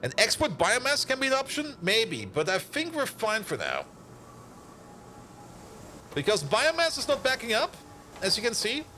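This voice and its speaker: Lively high-voiced joking streamer man. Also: normal speed, pauses often, faint music behind. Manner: joking, rambling, laughs often. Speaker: game streamer. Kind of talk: casual live-stream chat.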